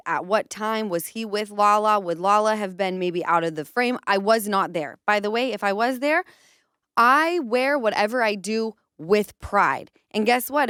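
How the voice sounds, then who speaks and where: Animated woman host telling a story. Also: medium pitch, clear, resonant tone, no room sound, studio quality. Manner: animated storytelling, acts out quotes. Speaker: podcast host. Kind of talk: casual podcast chat.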